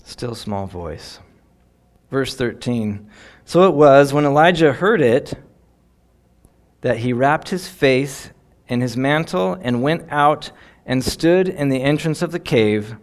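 A man's voice: mid-range voice, expressive, slow pace. A man giving devotional Bible teaching in an earnest, reflective way, lingering on key phrases.

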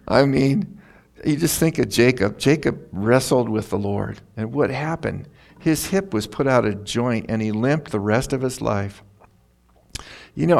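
A man's voice: medium pitch, vocal fry. A middle-aged man preaching a sermon in church, conversational and self-deprecating, telling stories with chuckles. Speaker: pastor.

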